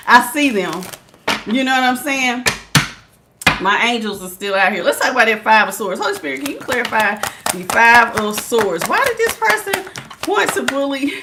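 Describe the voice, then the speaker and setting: A woman with a high, bright voice gives a tarot reading from her home. She talks to her viewers in a lively, slangy, familiar way and keeps the tone casual. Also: a little hiss or hum. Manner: animated, talks straight to viewers with Southern-style slang and bursts of laughter. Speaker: tarot reader.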